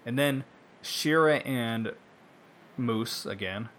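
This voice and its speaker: A man in casual talk, animated and breaking into quick mimicry of others as he tells a story. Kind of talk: casual wrestling chat. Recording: faint rumbling background noise.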